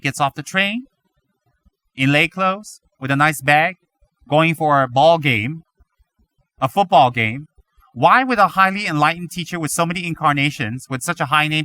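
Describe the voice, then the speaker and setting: A man giving a Buddhist teaching, animated and full of rhetorical questions, now and then mimicking other people's voices. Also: a little high. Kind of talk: dharma talk.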